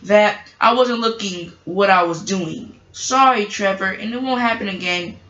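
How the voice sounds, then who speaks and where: A woman voicing a flustered, apologetic female engine with a high, rushed voice, on a dull lo-fi recording with faint hiss. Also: a bit bright, echoey room, natural voice.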